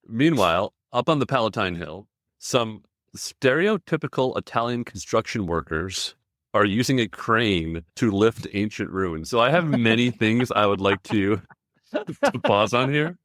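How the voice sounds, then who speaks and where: Male podcast co-host, wry casual recap, lively pitch. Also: measured pace, no echo, studio quality. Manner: wry, animated, laughs often.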